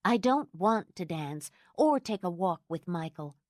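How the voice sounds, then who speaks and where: A woman's voice: fairly low pitch, lively intonation, unhurried, a little mellow, no room sound, studio quality. A woman voicing a proud, hurt divorced woman of thirty who keeps her temper tightly controlled.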